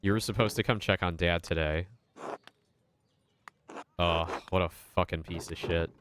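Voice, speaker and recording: A young man streams a video game in a fairly low voice, joking crudely and laughing often. The talk is loose and casual. Faint noise sits under the voice. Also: steady tone, a little slow.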